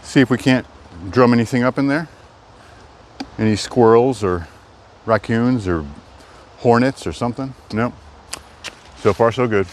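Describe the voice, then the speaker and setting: A man's voice: mid-range voice, unhurried, long pauses, a little hiss or hum. A man live-streaming as he walks through the woods, chatting loosely to his viewers while on the move. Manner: rambling, chatty, talks to chat. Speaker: livestreamer. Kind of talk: live-stream walking vlog. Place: outdoors in woods.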